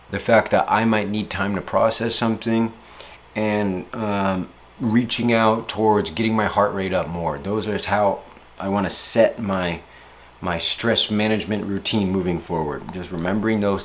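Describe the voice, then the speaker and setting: A young man talking casually about handling stress, playful and animated, often slipping into silly voices and acted-out quotes. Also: on the low side, a little slow, slight background noise. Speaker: speaker reflecting on stress. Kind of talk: casual reflective monologue.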